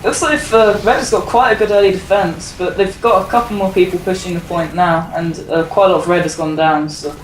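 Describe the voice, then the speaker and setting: An English man with an accent from England gives calm, low-key commentary on a team match as a guest. His voice comes through in a noticeably echoey room with some background hiss. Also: fairly quick, hardly any pauses, recorded from a distance. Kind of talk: casual game commentary.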